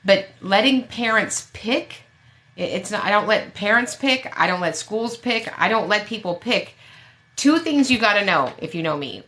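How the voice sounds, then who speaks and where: A woman's voice: mid-range voice, expressive, moderate pace, fairly bright tone. A woman special education advocate giving blunt, emphatic advice with sassy asides on a live question-and-answer show.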